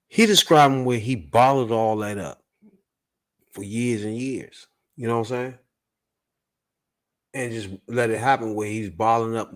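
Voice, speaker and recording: A man hosting a podcast, reacting to a clip with blunt, profane, incredulous commentary. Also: on the low side. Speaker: podcast host.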